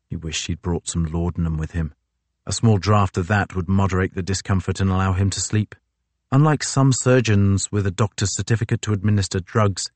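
A man reading a novel aloud as an audiobook narrator, in a measured, even storytelling delivery. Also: on the low side, no room sound.

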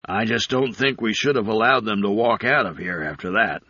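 A man's voice: on the low side, moderate pace, bright, forceful tone, no echo. A man voicing a blunt, stubborn male uplifted chimp aide, speaking plainly and firmly. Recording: slightly dull recording.

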